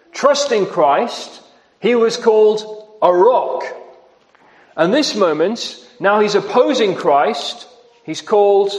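A man preaching a sermon, emphatic, with shifts in pace and loudness for stress. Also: high-pitched. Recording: long reverb of a church hall.

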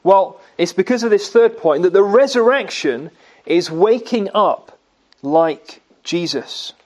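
A man preaching a sermon, asking his listeners questions and answering them himself, and slowing down to stress key words. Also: sits high, lively intonation, darkish tone. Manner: slow, emphatic delivery on key words.

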